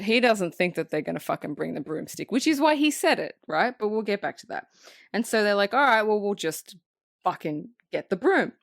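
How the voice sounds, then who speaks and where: A woman co-hosting a podcast, recapping a film in casual, profane, animated chat. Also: mid-range voice, dry recording, studio quality. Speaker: podcast co-host.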